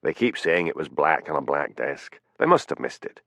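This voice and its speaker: A man's voice: a bass voice, big pitch swings, normal speed, vocal fry, fairly bright tone, dry recording, studio quality, voice pushed down, heavily acted. A man voicing a matter-of-fact police detective explaining things over the phone.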